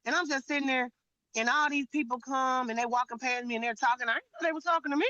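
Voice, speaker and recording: A woman's voice: high-pitched, fast talker, pushed and bright, highs cut off. A woman telling a heated story on a live panel, blunt and profane, with lots of emphasis.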